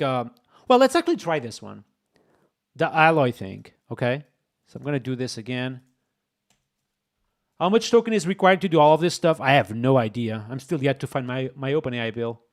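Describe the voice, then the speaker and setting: A man streams himself coding and keeps up a running commentary to his viewers. His voice sits a little high and swoops all over the place. He is excitable and often breaks into exclamations. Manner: excitable, exclaiming, talks to chat. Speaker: streamer, host.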